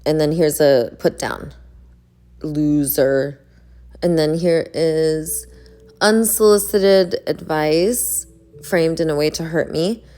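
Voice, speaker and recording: A woman talking to her viewers in a casual vlog, reading an email aloud slowly and then speaking in earnest affirmations. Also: low-pitched, mellow. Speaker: online creator reading out an email.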